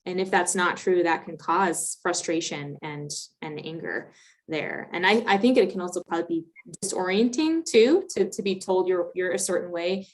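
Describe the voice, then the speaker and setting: A woman's voice: fairly low pitch, moderate pace. A woman hosting a livestream question session, friendly and affirming, reading viewer questions with many fillers.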